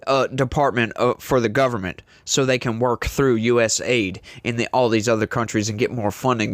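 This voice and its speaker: A man in a medium-pitched voice hosts a casual political commentary show. He talks straight to his viewers in an emphatic, indignant way. His voice sounds dry and close to the mic, with no room echo. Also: fairly bright tone.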